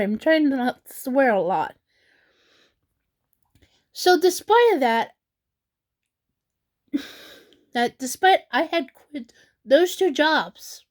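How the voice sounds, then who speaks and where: A woman vlogging about her troubles while crying, halting and apologetic, with sighs and restarts. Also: sits high. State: crying, tearful. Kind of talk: emotional personal vlog.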